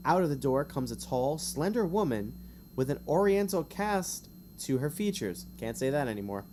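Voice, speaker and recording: This chatty streamer has a slightly high, very animated, mellow voice, and he's reading a gamebook for his audience. His casual narration is full of rambling asides and jokes at his own expense, over slight background noise.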